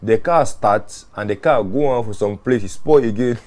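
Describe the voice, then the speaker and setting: A man, a mortuary worker telling his experiences in an interview, earnest and animated, often repeating words and restarting phrases. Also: fairly low pitch, moderate pace. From Ghana. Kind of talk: interview storytelling.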